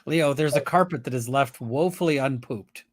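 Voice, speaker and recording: A man, a lawyer guest on a casual online panel, joking in a dry deadpan way over a video call. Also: mid-range voice, normal speed.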